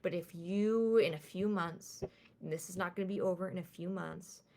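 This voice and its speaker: A woman's voice: fairly low pitch, normal speed, warm tone. A woman player giving a chatty, earnest sign-off about her streams and a charity drive, ending with a rallying call. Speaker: guest player. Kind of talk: casual sign-off plug.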